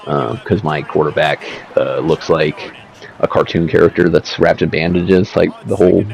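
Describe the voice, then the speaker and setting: Deep gravelly man, laid-back game commentary. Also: little pitch movement, moderate pace. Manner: rambling, profane, laid-back slang. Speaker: gaming video creator. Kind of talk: casual gameplay commentary. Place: seated at home setup. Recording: slightly dull lo-fi mic.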